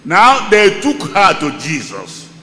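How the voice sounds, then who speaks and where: A man preaches with theatrical swings between loud cries and low asides, his pitch leaping all over. His voice is bright and forceful. The recording carries the long echo of a church hall. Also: wildly swooping pitch, slow. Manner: preaching with call-and-response to a Bible reader. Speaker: pastor. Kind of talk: sermon.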